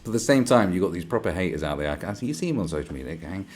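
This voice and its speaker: A man's voice: low voice, animated, very fast, background noise. A man hosting a livestream, ranting sarcastically with lots of swearing. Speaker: livestream host. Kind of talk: livestream rant.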